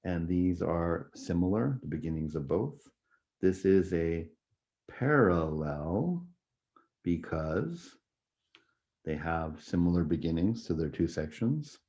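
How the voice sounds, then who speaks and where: A man with a deep, mellow voice explains music theory concepts to his students in an easygoing lecture. He keeps checking that they follow along. The recording sounds muffled and lo-fi. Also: expressive, takes it slowly. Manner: explanatory, conversational, frequent "right?" and "okay?" checks.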